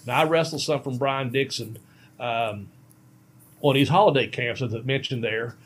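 A man's voice: medium pitch, moderate pace, a little hiss or hum. Folksy man spinning road stories. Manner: rambling, folksy, laughs at himself. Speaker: former pro wrestler telling road stories. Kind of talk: casual storytelling on a podcast.

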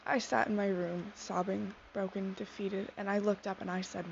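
Teen girl, earnest testimony, sincere and reflective; slight fry, muffled lo-fi audio. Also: mid-range voice, little pitch movement, normal speed, hardly any pauses. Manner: sincere, soft-spoken, reflective. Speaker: speaker sharing a faith testimony. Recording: dull lo-fi sound with faint noise.

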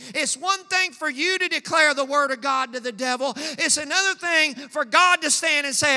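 A man's voice: very high-pitched, normal speed, hardly any pauses, pushed and bright, big-room sound. A male pastor preaching a sermon in a church, reading scripture and calling out to the congregation with growing fervor. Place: church sanctuary.

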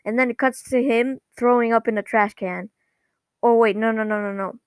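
A woman casually recapping a cartoon episode, rambling and halting, often correcting herself mid-sentence. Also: a little high, steady tone, clear, resonant tone, no echo.

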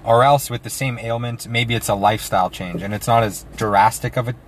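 A man's voice: medium pitch, fairly even intonation, fairly quick, slight background noise. A young man co-hosting a podcast, talking things through in a thoughtful, hedging, casual way. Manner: thoughtful, hedging, says man and you know a lot. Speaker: podcast co-host. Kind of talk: casual chat.

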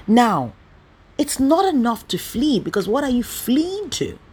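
A woman's voice: a little high, sing-song, a little slow, a little mellow, husky. A woman teaching a Bible study, emphatic and fond of rhetorical questions, stressing key words with sudden bursts.

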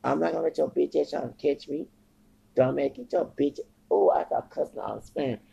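A podcast host with a fairly high, creaky, dark, slightly rough voice talks a little fast in a rambling monologue. He's agitated and profane, repeating himself often, and the recording sounds dull and lo-fi.

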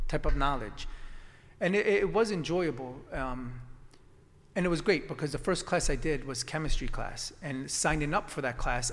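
Telling stories about his past in a relaxed chat, this acupuncturist guest has a slightly high voice and a rambling manner full of restarts, ums, and "you know." A long reverb follows what he says.

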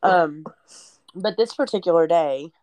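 A woman's voice: on the low side, a little slow, a little mellow, dry recording. A young woman telling her personal testimony in a candid, chatty way, sometimes close to tears. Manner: candid, chatty, at times tearful. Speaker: podcast guest sharing testimony. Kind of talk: personal storytelling.

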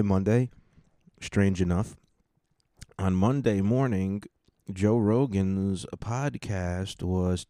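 A man's voice: low voice, dark tone, dry recording, studio quality. A man hosting his own podcast, rambling casually with lots of swearing and jokes. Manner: rambling, profane, joking. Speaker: podcast host. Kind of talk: casual solo podcast chat.

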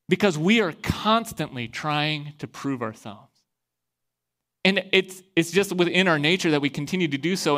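A pastor from Iowa, a man giving a sermon and telling a personal story in a lively way, acting out the voices he quotes. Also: on the high side. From Iowa, USA.

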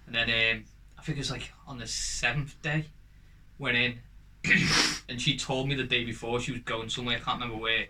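A man's voice: medium pitch, flat delivery, moderate pace, sharp tone, a little hiss or hum, rough recording. A young man with a Liverpool accent, chatting on a podcast and telling funny stories, swearing freely. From Liverpool, England. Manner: chatty storyteller, swears freely, laughs through his own stories. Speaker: podcast co-host. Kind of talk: casual chat, storytelling.

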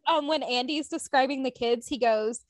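A woman's voice: sits high, moderate pace, a crowd in the background. A young woman co-hosting a casual podcast, giggly and teasing, often breaking into laughter. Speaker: podcast co-host. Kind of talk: casual chat.

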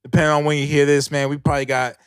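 A man's voice: on the high side, little pitch movement, racing, clean tone, no echo, studio quality. A man guesting on a comedy podcast, joking crudely and plugging his shows. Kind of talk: casual comedy podcast banter.

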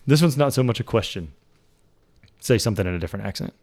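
A man's voice: on the low side, animated, fast talker, a little mellow. A man hosting a casual podcast chat, playful and teasing, laughing often. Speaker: podcast host.

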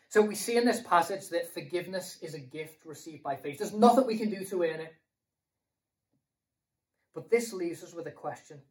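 A man's voice: fairly high pitch, distant mic, poor audio. A British man preaching a sermon in a conversational way, asking rhetorical questions and repeating himself.

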